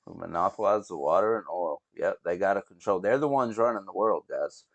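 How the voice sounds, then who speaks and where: A man's voice: low-pitched, expressive, brisk, gravelly, no room sound, muffled recording. A man hosting a reaction video, rambling and swearing as he talks straight to his viewers. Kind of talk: casual reaction commentary.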